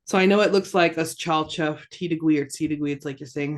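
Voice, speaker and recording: A language teacher giving a casual online lesson, repeating each word slowly and carefully and dropping in relaxed asides between examples. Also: medium pitch. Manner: slow, careful repetition of words with casual asides.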